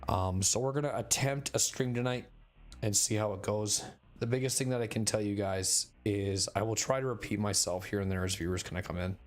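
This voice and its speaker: A man streaming a game to his viewers, his voice hoarse and a little raspy, talking in a halting, rambling way full of fillers. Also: lowish voice, steady tone. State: hoarse, recovering voice. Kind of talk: casual chat to stream viewers. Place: bedroom at home.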